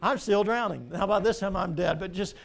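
An older pastor preaches in a high, ringing voice. He tells stories with animation and keeps asking the congregation rhetorical questions. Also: a little fast, vocal fry. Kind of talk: sermon.

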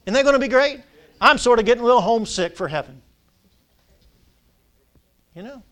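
A man preaching from the pulpit in a high, lifted voice. He stretches key words out slowly for weight and pauses to let the congregation call back the answers. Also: lively intonation, a bit bright. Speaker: pastor. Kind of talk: sermon.

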